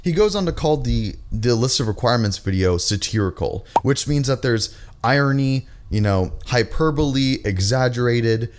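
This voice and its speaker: A man giving reaction commentary in a dry, sarcastic, measured way. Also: medium pitch, animated, noisy background. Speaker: commentary YouTuber.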